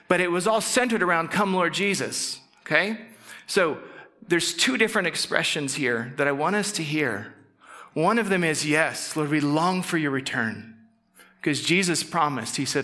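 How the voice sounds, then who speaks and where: Middle-aged male pastor with a fairly high, bright voice, preaching in a chatty style and acting out short quoted lines. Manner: conversational, acts out quick quoted voices, drops to soft intense tones. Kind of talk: casual sermon.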